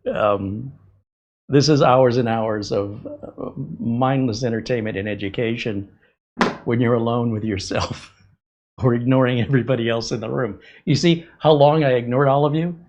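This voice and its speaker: An easygoing man hosts a tech show and banters with a voice assistant. He jokes often and stumbles through hesitant fillers. His voice sits at an ordinary middle pitch. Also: darkish tone, muffled recording. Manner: hesitant, joking, fills pauses with um and uh. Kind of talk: casual demo chat.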